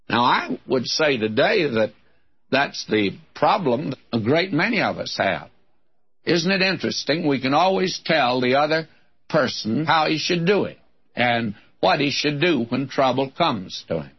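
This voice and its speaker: A man's voice: medium pitch, big pitch swings, a little slow, husky. A man giving a verse-by-verse Bible teaching in a folksy, wry, conversational manner. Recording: dull lo-fi recording.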